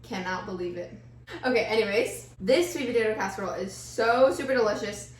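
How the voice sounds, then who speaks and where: A woman's voice: medium pitch, brisk. A woman with a Texas accent hosting a casual cooking video in a home kitchen, bubbly and enthusiastic. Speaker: cooking vlog host. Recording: echoey kitchen with faint noise.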